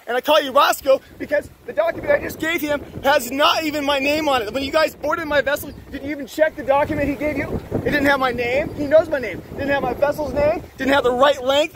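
A man with a strikingly high voice berates officials at a harbor, angry and accusatory. He swears freely and talks over everyone. Faint wind noise sits under his voice. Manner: angry, accusatory, profane, shouting. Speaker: boat owner confronting officials. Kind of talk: heated confrontation, filmed. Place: outdoors at a harbor.

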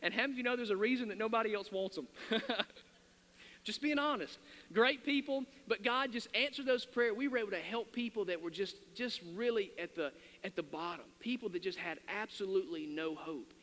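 A man's voice: high voice, a little fast, a bit bright. A man, a pastor, telling his personal story in an earnest sermon, often restarting his sentences. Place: church sanctuary. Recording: long hall reverb.

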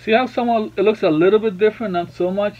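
Chatty dad with a slightly high voice. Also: male voice, fast talker, highs cut off. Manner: chatty, playful, breaks off to talk to his baby. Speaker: art tutorial host and father. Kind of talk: casual drawing tutorial narration. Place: at home at a drawing table.

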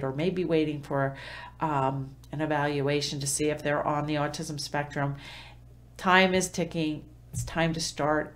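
A middle-aged woman giving parenting tips to camera in a conversational teaching style, with fillers and self-corrections. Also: deep voice.

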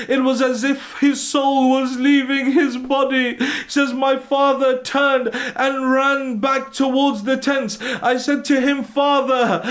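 High-voiced man, impassioned mourning sermon. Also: a bit bright. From United Kingdom. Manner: impassioned, tearful recitation with cries. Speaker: sheikh.

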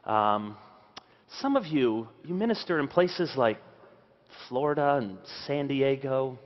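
A man in his thirties preaching at a conference, telling a family story with animated delivery and acting out his children's words. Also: medium pitch, slow pace, in a large hall, highs cut off. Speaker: pastor. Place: large conference hall.

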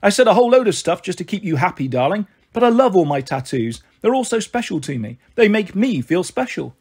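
A flamboyant, impulsive young mother, as a man puts her on while reading a storybook. She gushes and pleads in a raised, slightly husky voice, dramatic in every phrase. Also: high voice, big pitch swings, brisk, a little mellow, full character voice. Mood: gushing, pleading.

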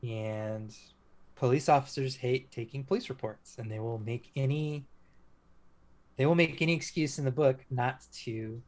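A man, a former police officer, speaking as an interview guest and telling a story in a casual, halting way, full of restarts and fillers. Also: medium pitch, a little mellow.

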